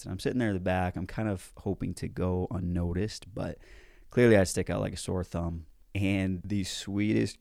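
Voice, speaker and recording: A man telling a personal story in a casual, animated way, with some mild swearing, as a self-help speaker. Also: sits low, vocal fry, no room sound, studio quality. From United States.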